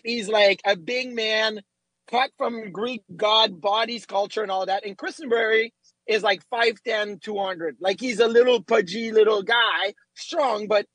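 A middle-aged man co-hosting a sports talk show, telling lively stories and acting out quotes. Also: high voice, breathy edge, dry recording, rough recording. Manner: animated storyteller, acts out quotes. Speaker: radio co-host, former goalie. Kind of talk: casual sports talk, storytelling.

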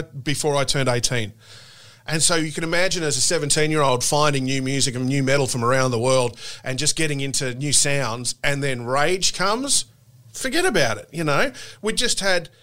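A man in his forties conducts an interview, full of eager, effusive praise for his guest. His voice sits a bit high and has a bright, forward edge. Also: brisk. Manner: enthusiastic, effusive fan.

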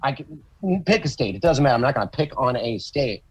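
A man chatting on a podcast, telling stories with swearing and lively acted-out quotes. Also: mid-range voice, quick pace, slightly rough, no echo, low-quality recording. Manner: profane, animated storytelling with acted quotes. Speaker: comedian guest. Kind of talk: casual podcast chat.

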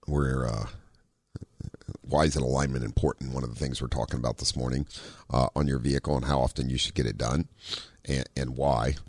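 A middle-aged man hosting a car talk radio show, relaxed and rambling with many ums and easy laughs. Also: no room sound. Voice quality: very low radio voice. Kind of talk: casual talk radio chat. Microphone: studio microphone.

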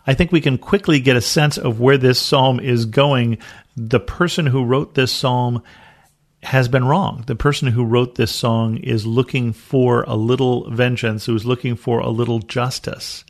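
A man's voice: medium pitch, vocal fry. Earnest man teaching a Bible study. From United States. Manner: earnest, reads scripture aloud then explains it.

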